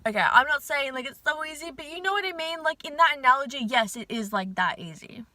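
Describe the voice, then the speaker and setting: A woman's voice: high voice, animated, quick pace, sharp tone, no echo. A young woman vlogger chatting casually to her viewers, full of fillers, casual swearing and hype. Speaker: manifestation vlogger.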